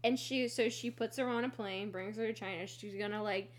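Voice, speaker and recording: A young woman co-hosting a book podcast, recapping the plot excitedly with lots of fillers. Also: medium pitch, a little fast. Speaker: podcast co-host. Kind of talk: casual book podcast chat.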